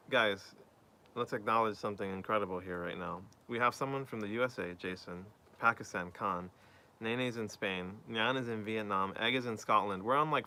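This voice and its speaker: A man's voice: on the low side, bright, forceful tone. A man chatting casually on a live stream, reading out viewer messages and answering them.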